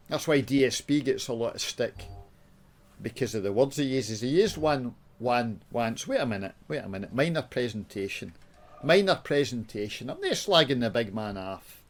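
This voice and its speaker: A Scottish man talking off the cuff to his viewers, with a voice of middling pitch. He rants and swears in broad dialect, dropping to mutters while he works through a game. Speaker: YouTuber. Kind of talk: casual gaming chat with swearing.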